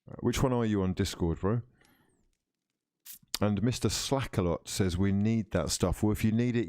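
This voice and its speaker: A man's voice: lowish voice, darkish tone, dry recording, clean studio sound. A man casually hosting a football livestream, reading out viewer comments in a playful, teasing way. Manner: chatty and playful, calls viewers fraudulent friends.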